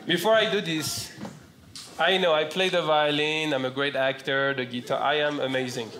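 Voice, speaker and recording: A man from France with a French accent doing stand-up comedy, delivering punchlines in a slow, deadpan way. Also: a little high, heavy background noise. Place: comedy club stage with laughing audience. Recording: roomy stage sound with loud audience laughter.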